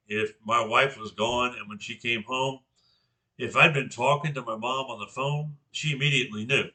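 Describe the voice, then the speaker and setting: A man's voice: mid-range voice, bright, forceful tone. An older man from Georgia in the US giving an informal class presentation, carefully articulating his words with frequent restarts.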